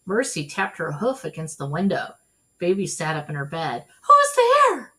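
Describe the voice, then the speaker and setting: A woman reading a children's storybook aloud in an expressive, animated way. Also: sits low, normal speed. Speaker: storybook reader.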